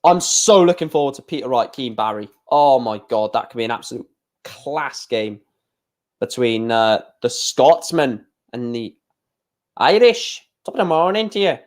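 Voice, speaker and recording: Young male streamer, casual darts caller, chatty and opinionated, grumbles about slow matches. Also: mid-range voice, animated, darkish tone. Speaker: livestream watchalong host. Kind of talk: casual live darts commentary.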